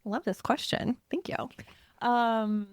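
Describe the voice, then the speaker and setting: A young woman co-hosting a podcast, speaking in a warm, affirming way. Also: a little high, takes it slowly, smooth, no room sound. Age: young adult. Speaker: podcast co-host. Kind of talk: podcast conversation.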